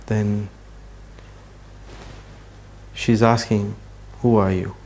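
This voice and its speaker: A man giving a religious talk, telling a story earnestly and slowing down for emphasis. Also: fairly low pitch, flat delivery, darkish tone. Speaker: Islamic speaker.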